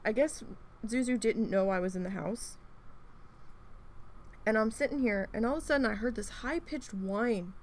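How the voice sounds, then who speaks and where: Needle felting at home for her crafting video, a woman talks casually with a slightly high voice, a moderate pace, and long pauses. She rambles through stories, swears freely, and acts out how she reacted, over slight background noise.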